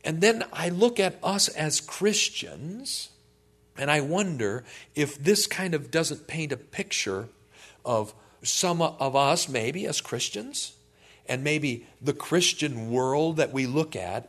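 Animated, conversational male preacher. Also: mid-range voice, a little slow. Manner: conversational, animated, asks the audience questions. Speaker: pastor. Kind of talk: sermon, Bible teaching.

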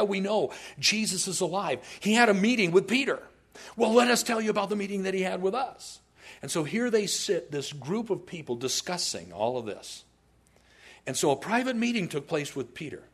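A man preaching a sermon as a pastor, telling the story with animation and humorous asides. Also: fairly high pitch.

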